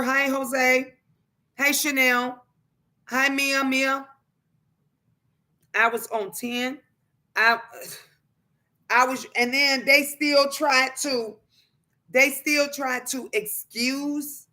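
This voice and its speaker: A woman livestreaming in an animated, emphatic way, with a somewhat high, bright, forceful voice. She speaks plainly and colloquially, greeting viewers by name and repeating phrases for emphasis. Her delivery is casual and outspoken. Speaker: livestreamer and mother.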